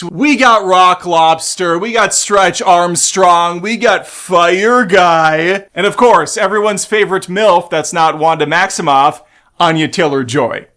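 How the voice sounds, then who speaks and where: A man with a fairly high voice riffs through a trailer in casual reaction commentary. He is sarcastic and snarky, swears freely and keeps jumping into animated, excited bursts. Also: unhurried. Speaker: movie trailer reaction host.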